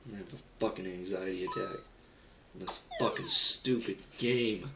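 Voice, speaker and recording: A man's voice: sits low, moderate pace. Man, furious game rant, nonstop swearing, home phone video, echoey room, background noise. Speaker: gamer reacting to a mobile game. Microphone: phone camera held by someone else.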